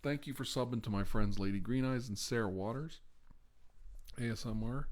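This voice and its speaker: A man's voice: mid-range voice, normal speed. A man hosting an ASMR live stream, rambling in casual chat with frequent laughs and sighs.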